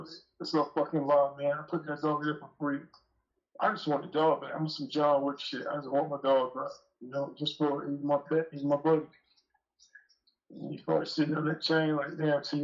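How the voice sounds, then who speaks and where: A man calls into a show and tells a long, rambling, profane story with an aggrieved edge. His voice sits a little high for a man. The call audio is dull and lo-fi. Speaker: call-in guest. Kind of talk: casual storytelling. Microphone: phone call.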